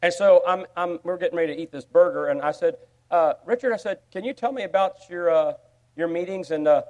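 Guy preaching, kinda high voice, goes quiet then gets real loud and worked up. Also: fairly quick, muffled recording. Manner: animated, swings from quiet asides to loud excited bursts. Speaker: pastor. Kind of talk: sermon storytelling.

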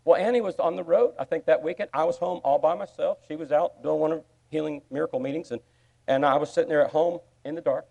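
Male pastor, sermon storytelling, fairly high pitch, animated, quiet asides and loud excited bursts. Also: quick pace, vocal fry.

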